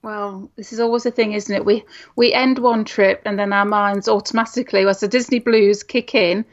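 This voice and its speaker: A woman's voice: mid-range voice, fairly even intonation, normal speed, muffled recording. A woman co-hosting a podcast, prompting her partner with teasing, chatty questions. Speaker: podcast co-host. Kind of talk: casual chat.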